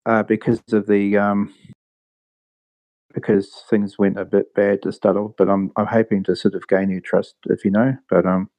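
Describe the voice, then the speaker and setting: A man's voice: fairly low pitch, flat delivery, moderate pace, darkish tone. A man with an accent that sounds a bit British, a guest on a podcast, talking hesitantly with many ums and restarts. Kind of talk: casual podcast chat.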